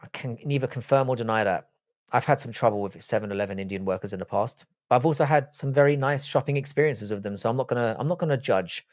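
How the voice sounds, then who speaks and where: A man's voice: medium pitch, quick pace, darkish tone, no room sound, clean studio sound. A man hosting a livestream in a casual, offhand and profane way, reading chat messages aloud and replying to them. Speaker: livestream host.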